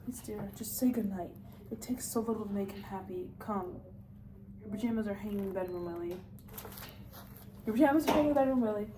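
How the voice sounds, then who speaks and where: A woman reading the part of a patient, weary middle-aged wife and mother in a play read-through, gentle and coaxing. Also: medium pitch, fast talker, pauses often, noisy background, natural voice.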